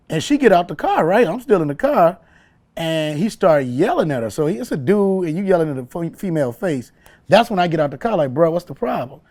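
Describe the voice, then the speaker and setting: A man, a comedian telling a story in an interview, animated and laughing often as he acts out voices. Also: fairly high pitch, fast talker. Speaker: comedian guest.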